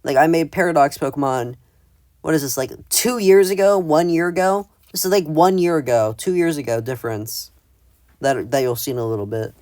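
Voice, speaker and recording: A man's voice: a little high, a little fast, darkish tone, no room sound, studio quality. A man casually ranking his own old artwork, rambling with many fillers and mocking himself. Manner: rambling, filler-heavy, self-deprecating. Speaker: video creator.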